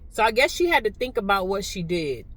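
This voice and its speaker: A woman's voice: medium pitch, very animated, a little fast, low-quality recording. Nonchalant woman telling a story. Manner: nonchalant, chatty, drifts between hushed asides and louder telling. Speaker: vlogger. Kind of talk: casual storytime vlog. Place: riding a bus.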